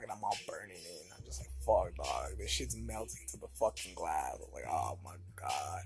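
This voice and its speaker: A man telling a personal story in a casual, profane, slang-heavy way. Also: fairly low pitch. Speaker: vlogger.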